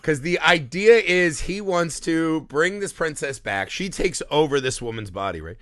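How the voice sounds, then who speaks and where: A man co-hosting a movie podcast, talking in an animated, jokey way, swearing and slipping into silly voices. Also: fairly high pitch, normal speed, dry recording. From Syrian family background. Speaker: podcast co-host. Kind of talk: casual movie review chat.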